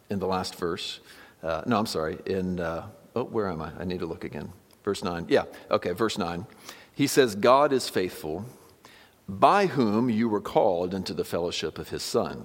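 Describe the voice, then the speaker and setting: A man's voice: low-pitched, lively intonation, moderate pace, big-room sound. A man giving a conversational sermon as pastor, often checking in with the congregation. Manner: conversational, asks listeners for agreement. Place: church sanctuary.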